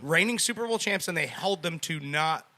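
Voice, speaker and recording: A man co-hosts a casual podcast, building his case about football in full, analytical sentences. His voice is a bit higher than most men's and very bright and sharp. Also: lively intonation, moderate pace. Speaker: podcast co-host. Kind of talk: casual sports chat.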